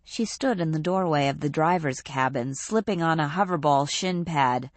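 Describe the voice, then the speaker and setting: A woman narrating an audiobook in a steady, measured reading on a close studio mic. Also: sits low, no echo. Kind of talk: scripted narration.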